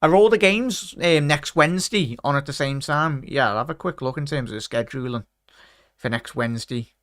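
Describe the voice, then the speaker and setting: Reading live comments during a football watchalong stream, a man chats casually and greets viewers by name with "big up" and "mate." He speaks at normal speed in a mid-range, fairly bright voice, recorded dry with clean studio sound.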